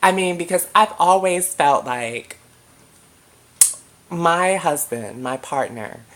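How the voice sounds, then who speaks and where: A young woman with a low, deep-set voice talks straight to the camera in a casual vlog. She rambles and swears freely, leaning hard on her points. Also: lively intonation, slow pace, fairly bright tone, slight background noise. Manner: emphatic, profane, rambling. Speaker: vlogger.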